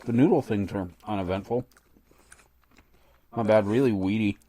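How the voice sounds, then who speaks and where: A man's voice: on the low side, normal speed, mellow, dry recording. A middle-aged man co-hosting a casual snack-tasting chat with his son, joking and reading package text in a mock announcer voice. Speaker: podcast co-host, father.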